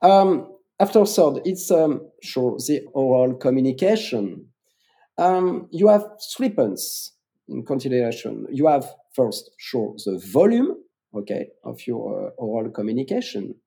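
A man's voice: mid-range voice, very animated, a little slow, creaky, mellow. A man with a French accent, a public speaking coach explaining his methods in an interview, emphatic and repeating words for stress.

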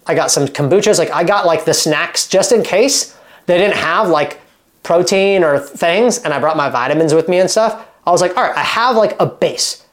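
A man in his thirties from Oregon, a fitness coach talking casually to camera in an animated, emphatic way, full of fillers and quick restarts. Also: fairly high pitch. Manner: animated and emphatic, acts out quoted dialogue.

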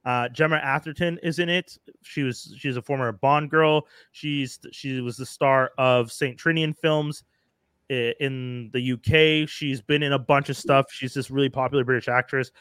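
A man's voice: medium pitch, steady tone, moderate pace, a bit bright, clear, resonant tone, dry recording, clean studio sound. A man co-hosting a podcast, chatting casually and with enthusiasm about shows and actors. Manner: enthusiastic, talkative, slangy. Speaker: podcast co-host. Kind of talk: casual chat.

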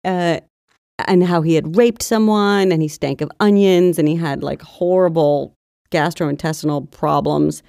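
A woman's voice: low-pitched, a little slow, vocal fry, no room sound, studio quality. A woman co-hosting a podcast, chatting casually and reading diary passages aloud. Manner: chatty, reads quotes aloud in an even tone. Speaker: podcast co-host.

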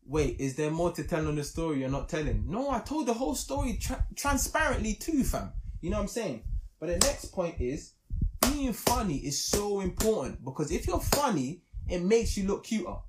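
Young guy chatting on a podcast, bit higher voice, pitch all over the place, really emphatic. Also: normal speed, noisy background. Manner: animated, emphatic storyteller. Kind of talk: casual chat.

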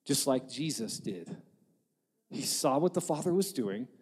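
A man preaching a sermon in an animated, joking way, acting out quotes and laughing at his own jokes. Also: mid-range voice, measured pace, husky. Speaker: pastor. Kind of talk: lively sermon. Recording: long reverb of a large hall.

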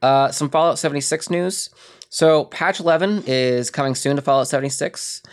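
A podcast host casually running through gaming news items in a relaxed way. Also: medium pitch, moderate pace.

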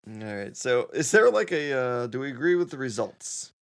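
A man hosts a relaxed podcast among friends, laughing easily and keeping the banter rolling. His voice sits at a middling pitch but swings up and down with plenty of life. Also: normal speed, clean tone. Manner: laughs often, loose and joking. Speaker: podcast host. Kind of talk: casual chat.

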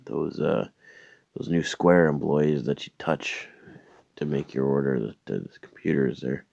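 A man's voice: rumbling low, a little slow, creaky, darkish tone, no echo. A man from Canada telling a profane, rambling comedic story, full of stammered restarts. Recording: dull lo-fi dry recording.

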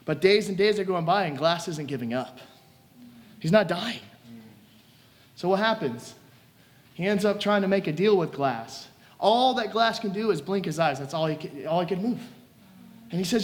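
A man's voice: high-pitched, normal speed, pauses often. A man preaching a sermon, retelling stories animatedly and acting out scenes. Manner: animated storytelling, acts out scenes. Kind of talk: sermon with retold story.

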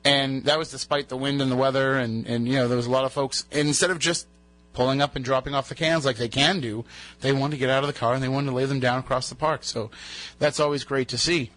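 This man's mid-range voice is steady and fairly bright, moving at a quick pace as he hosts a radio show. Chatty and rambling, he spins stories in casual banter while recovering from a lost voice.

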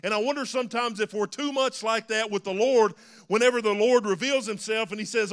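A man's voice: high voice, fairly quick, a bit bright. A man preaching a sermon in a church, earnest and rising to emphatic calls. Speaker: pastor. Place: church sanctuary.

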